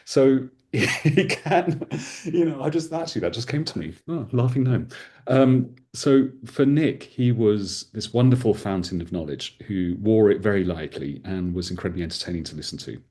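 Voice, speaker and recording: A man's voice: fairly low pitch, expressive, moderate pace, darkish tone. A man, a podcast host, chatting expansively and enthusiastically in a casual conversation.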